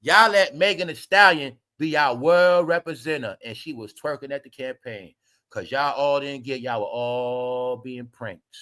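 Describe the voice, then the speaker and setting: A man's voice: a little high, moderate pace, pushed and bright. A man ranting to his viewers in a blunt, preachy commentary monologue, swearing freely and repeating himself. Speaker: commentary vlogger.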